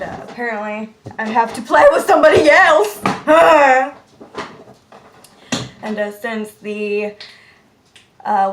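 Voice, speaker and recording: Chatty woman in an echoey room. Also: mid-range voice. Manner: chatty and rambling, many "uh" fillers, drops to a soft murmur at times. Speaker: vlogger answering viewer questions. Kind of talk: casual Q&A vlog. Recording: roomy echo with faint background noise.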